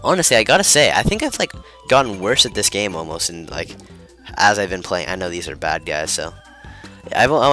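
A young let's player gives rambling, flustered commentary while playing a video game, full of fillers and restarts. His voice is on the low side with a sharp tone.

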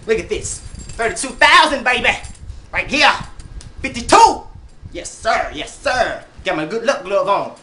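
A man doing a comic rant to camera, boisterous and teasing, swinging between loud bursts and mumbles. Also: high-pitched, sing-song, normal speed, long pauses.

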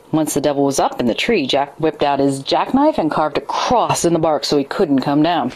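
Low-voiced woman reading a ghost story. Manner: steady, storytelling delivery. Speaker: narrator. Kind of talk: scripted ghost story narration.

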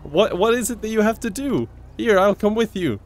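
A young Irish man improvises a self-important character with theatrical flair. His voice sits a little high for a man. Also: expressive, moderate pace. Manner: pompous, theatrical. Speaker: role-play gamer. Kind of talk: improvised comedic role-play.

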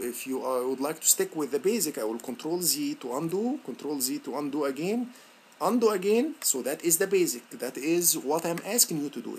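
Man with a lively, animated teaching voice. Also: fairly high pitch, slight background noise. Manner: halting, many fillers and restarts, encouraging. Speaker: instructor. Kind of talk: screen-recorded software tutorial.

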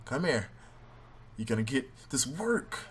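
A man commentating his own wrestling game run, swinging between yelling, cursing at opponents and mock ring-announcer boasts. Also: mid-range voice, sing-song, measured pace, a little hiss or hum. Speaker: gaming video host. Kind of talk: live gameplay commentary.

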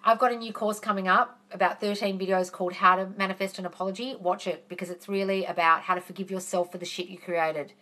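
A woman's voice: medium pitch, fairly even intonation, quick pace, hardly any pauses, bright, forceful tone. A woman hosting a live question-and-answer stream, answering viewers in a chatty, reassuring way and calling them darling. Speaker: manifesting coach hosting a live Q&A.

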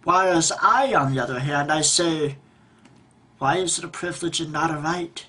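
A man's voice: fairly high pitch, normal speed, bright, forceful tone, slightly rough. A man in his thirties ranting in a frustrated, profane vlog monologue at home, rambling with restarts. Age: 30s. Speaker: vlogger. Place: at home by a table.

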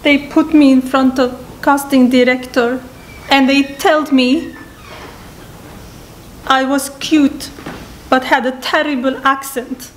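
An actress playing a crying international acting student who speaks with a foreign accent. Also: female voice, high voice, steady tone, slow, long pauses, a little hiss or hum. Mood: tearful.

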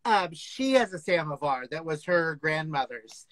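A man hosts a relaxed video-call chat with a bright, crisp voice. The sound is dry and close. He chimes in often with eager, quick interjections. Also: fairly high pitch, no echo. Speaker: interview host.

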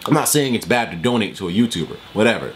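A man's voice: lowish voice, sing-song, fast talker, slight background noise. A man hosting his gaming channel, ranting in a worked-up and profane way while repeating himself and stumbling over his words. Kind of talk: ranting commentary over gameplay.

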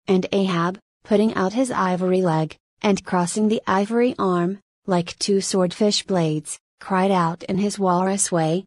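A woman narrates a classic novel in a plain audiobook reading, saying punctuation marks aloud. Her voice sits at a middle pitch. The recording is dry and close, with little room sound. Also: darkish tone, no room sound.

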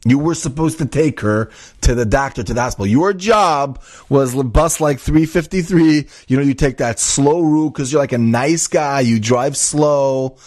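A man's voice: medium pitch, moderate pace, a little mellow, dry recording, studio quality, pitched above the performer's own voice, natural voice. A man voicing an angry bus company boss who scolds and sputters in exasperation. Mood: furious scolding.

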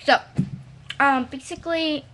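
A woman's voice: high-pitched, steady tone, measured pace, noisy background. A woman casually walking through a computer how-to at home, scattered and silly, drifting off-topic. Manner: scattered and silly, trails off into playful sounds. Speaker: vlogger showing a how-to. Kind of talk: rambling home tutorial. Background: dogs nearby.

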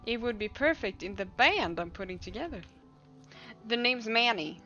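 A woman's voice: fairly high pitch, expressive, normal speed, bright, forceful tone, highs cut off. A woman streamer reading the lines of a brash male band leader in a cocky, slangy way. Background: faint game music.

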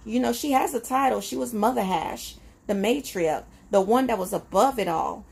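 A woman's voice: on the high side, animated, moderate pace, creaky, a little mellow, husky. A woman talking in a casual, reflective personal vlog, conversational and emotional, with frequent fillers. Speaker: vlogger.

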